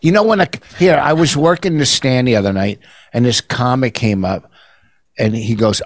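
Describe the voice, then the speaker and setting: An older man in his sixties trades jabs with his wife on their podcast. He sounds defensive and sardonic, and his voice sits at an ordinary middle pitch. The recording is dry and close, with no room sound. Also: lively intonation, moderate pace, no echo. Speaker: podcast co-host. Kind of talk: casual bickering chat.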